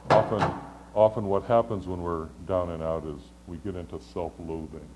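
A man preaching a sermon in a conversational, earnest way, often stammering and restarting, moving between loud pleading and hushed lows. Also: steady tone, moderate pace, a little hiss or hum, poor audio. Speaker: pastor.

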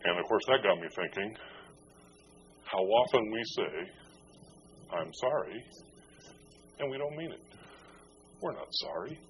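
A man's voice: fairly low pitch, sing-song, measured pace, pauses often. A man preaching a conversational sermon as a pastor, joking and self-deprecating as he goes. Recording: dull lo-fi with faint noise.

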